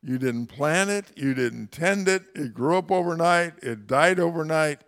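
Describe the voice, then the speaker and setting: Slow, gravelly male Bible teacher. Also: on the high side, animated, a bit bright. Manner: wry, folksy asides.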